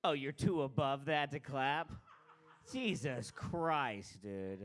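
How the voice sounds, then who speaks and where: A man's voice: mid-range voice, slow, a bit bright. A man hosting an open mic comedy night, brash and crude, teasing the crowd between acts. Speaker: comedy show host. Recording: live mic in a bar room.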